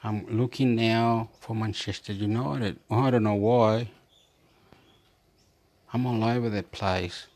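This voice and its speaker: A man's voice: lowish voice, steady tone, takes it slowly, pauses often, darkish tone. A man from Chile talking in a rambling, repetitive casual monologue, reading bits aloud from a screen as he goes.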